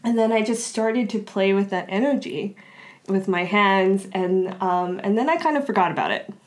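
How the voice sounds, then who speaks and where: A woman's voice: medium pitch, moderate pace. A woman guest in an interview, telling a personal story casually, with frequent filler words and restarts. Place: Los Angeles area.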